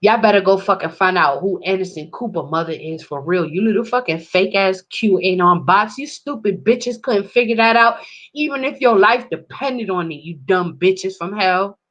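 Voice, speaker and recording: A woman delivering an angry, profane monologue to camera, swinging between loud outbursts and low muttering. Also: normal speed, muffled recording. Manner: heated, profane ranting.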